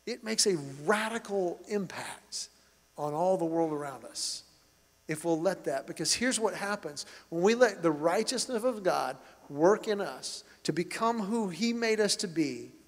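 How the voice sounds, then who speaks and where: A middle-aged man preaches with a notably high voice, earnest and emphatic as he builds each point. His words ring out with the long reverb of a large church hall. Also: expressive, unhurried. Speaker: pastor. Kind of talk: sermon.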